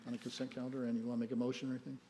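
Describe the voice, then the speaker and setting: A man running a city council meeting as mayor, relaxed and folksy, cracking small jokes. His voice rings out in a reverberant council chamber through a desk microphone. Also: mid-range voice, very fast. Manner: friendly, joking, folksy. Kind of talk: chairing a public meeting, casual asides.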